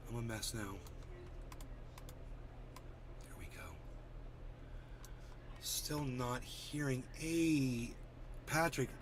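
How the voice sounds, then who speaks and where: A man's voice: mid-range voice, fairly bright tone, slight background noise. A man hosting a casual livestream, chatty and a bit distracted as he greets viewers by name while fixing his settings. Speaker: livestream host.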